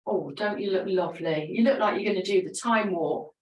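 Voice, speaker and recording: A woman fitness instructor talks her class through gentle moves with an encouraging, chatty manner. Her voice sits at a middle pitch and comes from some way off the mic. The room around her gives a clear echo. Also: a little fast, distant mic, slight background noise. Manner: encouraging, chatty, laughs often. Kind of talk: guided exercise class. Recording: roomy echo, voice from away from the mic.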